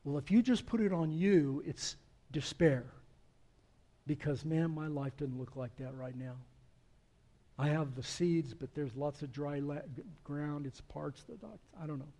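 A man's voice: a little high, a little slow, warm tone. A man preaching a sermon as pastor, earnest and building to emphatic swells.

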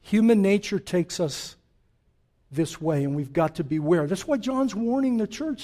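A man preaching a sermon to his congregation, emphatic and animated, with joking asides to the listeners. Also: sits high, unhurried. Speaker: pastor.

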